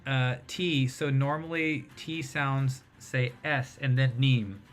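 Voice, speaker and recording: A man hosting a casual livestream chat, rambling and animated as he tells stories. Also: medium pitch, slow, faint music behind. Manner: rambling, animated storyteller who mimics voices.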